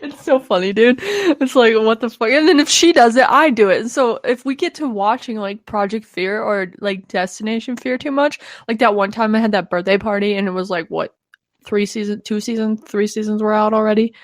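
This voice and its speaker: A woman's voice: fairly high pitch, fairly quick, no echo, studio quality. A woman co-hosting a podcast in casual chat, laughing often and swearing casually. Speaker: podcast co-host.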